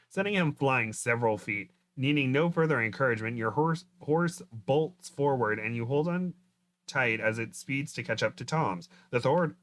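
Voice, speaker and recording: A man's voice: medium pitch, fairly bright tone, dry recording. A man hosting a show, reading a book aloud dramatically and breaking off for joking asides. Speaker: host. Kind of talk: comedic read-aloud of a book.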